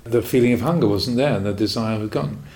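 A lowish male voice, quick in pace, comes through on poor audio. He is a Buddhist meditation teacher answering a question in a Dhamma talk, using calm, contemplative stories and light jokes about himself.

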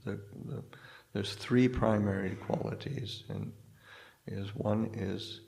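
Male monk, low gravelly voice, slow, halting dharma talk with many restarts. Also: fairly even intonation, a little mellow. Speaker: Buddhist monk teacher. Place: hall in a spiritual society.

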